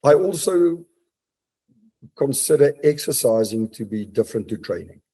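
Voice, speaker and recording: With lively intonation and a moderate pace, this mountaineer and business leader speaks in a mellow, slightly rough medium-pitched voice. He's a reflective guest on a casual podcast, recording from his home study and restarting often.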